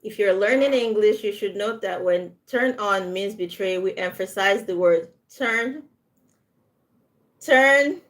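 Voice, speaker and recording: Female English tutor, live online session, slow and patient, models stress out loud, bilingual asides in French. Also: medium pitch. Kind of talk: live online language lesson.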